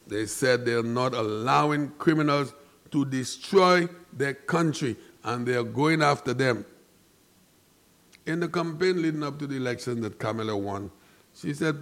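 Saint Lucian male commentator, mid pitch, emphatic and preachy. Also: gravelly. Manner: emphatic, preachy, rising to loud outbursts. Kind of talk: impassioned monologue.

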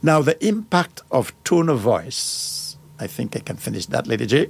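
A middle-aged man hosts a radio talk show, speaking into a studio mic at an ordinary mid-range pitch. He works through a list of points, then stops to add firm, plain-spoken asides of his own. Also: very animated, moderate pace, vocal fry, breathy edge.

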